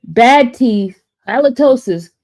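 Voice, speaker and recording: A woman casually telling a personal story to her viewers, chatty and animated, often checking in with "right?" and talking straight to her audience. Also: a little high, slow pace.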